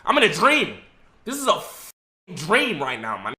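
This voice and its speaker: Animated young man telling a story. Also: a little high, moderate pace, noisy background. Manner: animated, profane, swings between hushed and laughing. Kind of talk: casual storytelling to chat.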